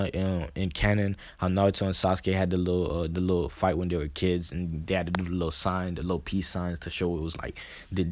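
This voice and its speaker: Man, low voice, dry sound, halting, filler-heavy fan-story retelling. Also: a little mellow, dry recording. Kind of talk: casual fan-fiction retelling.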